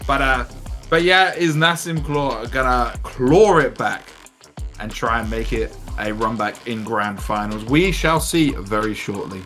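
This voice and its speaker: A man calling a live fighting-game stream, his voice mid-pitched and crisply bright. He chats and jokes between announcements, breaking into loud exclamations, with soft music underneath. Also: a little slow. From England. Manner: chatty, jokey, exclamatory bursts. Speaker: esports commentator. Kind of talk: live esports commentary.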